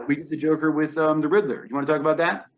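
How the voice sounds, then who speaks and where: A man's voice: a little high, little pitch movement, rapid-fire, muffled recording. A man co-hosting a podcast, giving an opinionated, wryly complaining casual film review. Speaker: podcast co-host.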